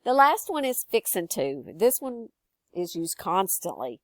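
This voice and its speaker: An older woman, teaching students in a gentle, encouraging way. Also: on the high side, big pitch swings, normal speed, dry recording. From Texas. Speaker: educator. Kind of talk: friendly recorded lesson for students.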